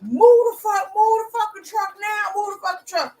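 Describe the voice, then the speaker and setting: Furious old man barking profane orders, put on by a woman, pitched high, recorded from a distance. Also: moderate pace. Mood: yelling. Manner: shouting, profane. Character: aggressive old man, yelling, hot-tempered.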